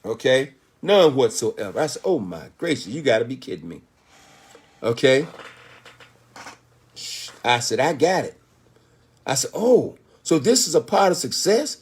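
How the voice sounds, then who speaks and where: A man's voice: medium pitch, very animated, a little slow, pauses often, husky. A man in his sixties giving a motivational speech, telling his story with emphatic rhetorical questions. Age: 60s. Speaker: motivational speaker.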